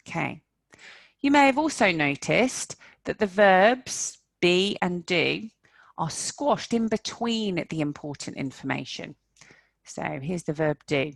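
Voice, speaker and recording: A woman teaching English online, moving slowly through her lines with a lively, swooping pitch. Her voice sits a little low and carries some gravelly fry, and the recording is dry and close. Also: no echo. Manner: slow, carefully enunciated teaching with exaggerated intonation.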